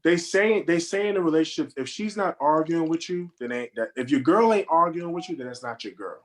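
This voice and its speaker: Speaking briskly in a voice on the high side, a man co-hosts a podcast film review over a video call, repeating words as he builds his argument in a casual group discussion.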